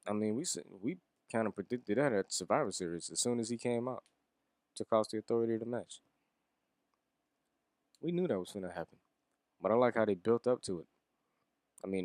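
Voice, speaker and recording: In a casual solo wrestling review, a man with a somewhat low, darkish voice talks loosely, rambling, swearing, and chuckling now and then. The recording is close and dry, with no room sound.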